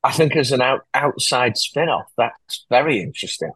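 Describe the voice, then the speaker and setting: A man chatting on a podcast, lively and quick to laugh. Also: mid-range voice, husky, no room sound, low-quality recording. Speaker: podcast guest. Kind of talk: casual chat.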